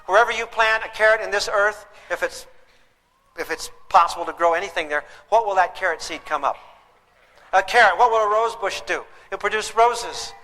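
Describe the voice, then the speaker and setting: Long hall reverb surrounds an older man giving a live parenting lecture in a high-pitched, sharp-toned voice at a moderate pace. He storytells emphatically and poses rhetorical questions to his listeners.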